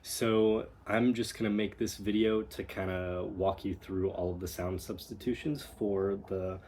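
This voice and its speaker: A man teaches like a dialect coach, taking his time over each point. His low voice has a husky edge, and he repeats sample words over and over to demonstrate. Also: fairly even intonation, a little mellow. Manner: unhurried and explanatory, demonstrating sounds by repeating words. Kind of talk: recorded instructional walkthrough.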